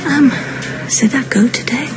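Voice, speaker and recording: An actress playing an anxious, self-pitying older mother and grandmother, who talks in plaintive, rushed runs of self-justification. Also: high voice, music in the background. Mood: grieving. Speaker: soap opera character. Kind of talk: television drama acting. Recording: noisy broadcast soundtrack.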